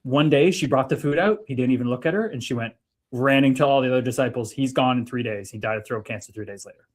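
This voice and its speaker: A man co-hosting a livestream, telling spiritual stories in an animated way that swings between loud and soft. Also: mid-range voice, quick pace. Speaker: livestream co-host. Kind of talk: spiritual casual chat.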